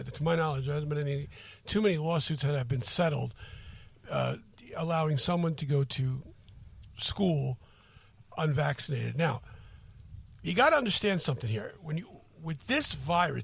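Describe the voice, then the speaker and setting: A man's voice: fairly high pitch, moderate pace, creaky. A man co-hosting a casual podcast, rambling through his opinion with many restarts. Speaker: podcast co-host.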